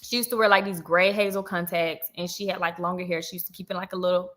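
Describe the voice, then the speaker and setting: A woman's voice: lowish voice, fast talker. A young woman telling a story in a casual, chatty vlog and acting out the people she quotes. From Georgia, US. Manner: chatty, animated, acts out quoted voices. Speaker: vlogger.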